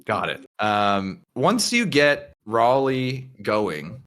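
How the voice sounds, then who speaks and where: A man's voice: mid-range voice, very animated, very slow, a bit bright. A man narrating a tabletop game as game master, casual, with many fillers.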